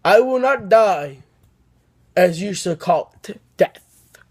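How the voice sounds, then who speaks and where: A man doing a boastful immortal dark wizard. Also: high-pitched, lively intonation, takes it slowly, full character voice. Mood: defiant.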